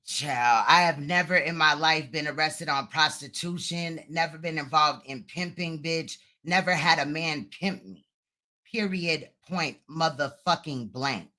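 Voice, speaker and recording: Woman host, bright edgy tone, profane heated rant on a live stream. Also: deep voice, a little slow. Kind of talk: heated reaction livestream.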